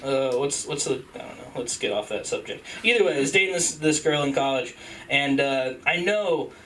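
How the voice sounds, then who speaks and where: A young man from Utah doing rambling, self-deprecating stand-up at an open mic, jumping into high squeaky voices for the people he quotes. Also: animated, normal speed, fairly bright tone, distant mic, a little hiss or hum, rough recording. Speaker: stand-up comedian. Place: comedy club stage.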